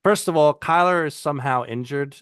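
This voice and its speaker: A man's voice: a little high, brisk, a bit bright, clear, resonant tone, no room sound, clean studio sound. A man co-hosting a casual fantasy football podcast, talking loosely with frequent restarts. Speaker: podcast co-host.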